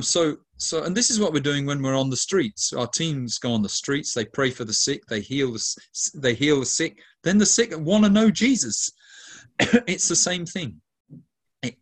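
A man, a Catholic healing minister, answering interview questions earnestly and emphatically, slowing down to stress key words and stringing together lists of words. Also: medium pitch.

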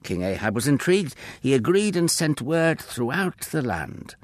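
A man narrating a children's Bible story with expressive storytelling. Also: medium pitch, normal speed.

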